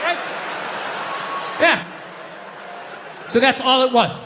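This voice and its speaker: Man, middle-aged, stand-up comedy rant, shouting, high bright voice, reverberant hall. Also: very animated, normal speed, pauses often, a crowd in the background, noisy background. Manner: loud ranting delivery with frequent shouting. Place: theater stage before a live audience. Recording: stage mic with long hall reverb.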